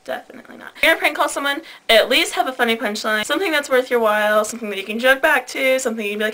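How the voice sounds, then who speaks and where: A woman's voice: sits high, expressive, quick pace, bright, forceful tone, poor audio. A teenage girl ranting to camera, blunt and sarcastic, with plenty of swearing. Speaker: vlogger. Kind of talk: casual rant to camera.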